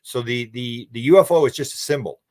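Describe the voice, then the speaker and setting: Speaking fairly quickly at medium pitch, a Canadian-accented UFO researcher from Canada fields interview questions as a guest and recounts a story, bringing its quoted dialogue to life with lively vocal shifts.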